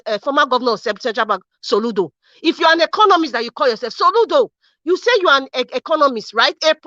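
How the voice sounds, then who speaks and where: Fiery high-voiced Nigerian woman ranting. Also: sharp tone, no room sound. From Edo State, Nigeria. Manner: angry, fiery, repeats herself with many rhetorical questions. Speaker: political commentary host. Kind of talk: impassioned political rant. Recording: dull lo-fi sound.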